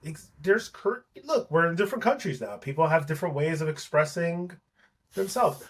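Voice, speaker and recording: A man, an actor guest, in casual chat, telling animated stories and swearing freely. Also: on the high side, normal speed, slightly rough. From Palestinian family.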